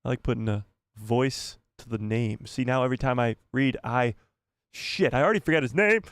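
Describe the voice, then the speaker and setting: A man hosts a live stream in a loose, rambling way, joking and laughing often. His voice sits at an ordinary pitch and sounds close and dry. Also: moderate pace, no room sound. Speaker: livestream host. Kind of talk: casual live-stream chat.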